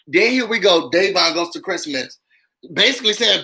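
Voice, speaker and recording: Sassy man with a bright voice. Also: high voice, animated, a little fast, low-quality recording. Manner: sassy, dramatic, slangy; repeats lines for emphasis. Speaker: reality TV recap host. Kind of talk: casual live recap commentary.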